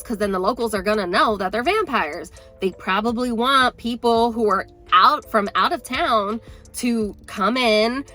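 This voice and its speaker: A woman's voice: fairly high pitch, pushed and bright. A young woman vlogging about a book she is reading, talking in a chatty, rambling way full of "like" fillers. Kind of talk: casual chat.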